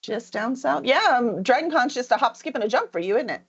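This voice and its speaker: A woman's voice: fairly high pitch, expressive, brisk, slightly rough, highs cut off. A woman hosting a podcast interview over a video call, chatty and enthusiastic, laughing often. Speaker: podcast host. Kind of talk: casual interview chat.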